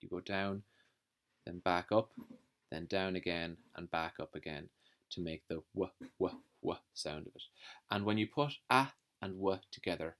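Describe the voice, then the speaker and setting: A man teaching a phonics lesson to young children, slowly sounding out letters and words. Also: low-pitched, fairly bright tone. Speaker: primary school teacher.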